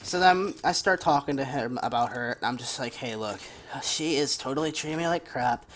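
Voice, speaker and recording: A young man rambles through a long story while commenting on gameplay, venting frustration and cursing casually now and then. His mid-range voice moves at normal speed with a fairly bright tone, and there's a little hiss or hum.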